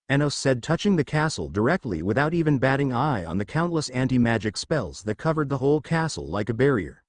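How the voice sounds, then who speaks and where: A man reading fan fiction aloud in a plain, steady way. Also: mid-range voice, brisk, few pauses, no echo. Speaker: story reader.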